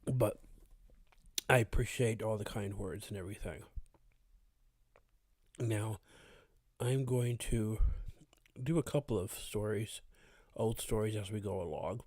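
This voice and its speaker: A man hosting a live stream, chatting casually with viewers, his voice slightly rough as it recovers. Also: on the low side, measured pace, long pauses, no echo. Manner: relaxed, greets chat viewers by name, frequent uh fillers. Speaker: horror story channel host.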